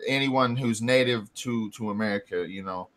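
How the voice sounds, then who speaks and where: A man co-hosting a casual talk show, speaking in a relaxed way and laughing along. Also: lowish voice, moderate pace. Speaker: podcast co-host. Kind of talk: casual chat.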